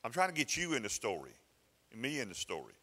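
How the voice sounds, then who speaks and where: A man's voice: mid-range voice, wildly swooping pitch, fast, pushed and bright, in a large hall. A male pastor preaching a sermon in a folksy, conversational way, often restarting his phrases. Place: church sanctuary.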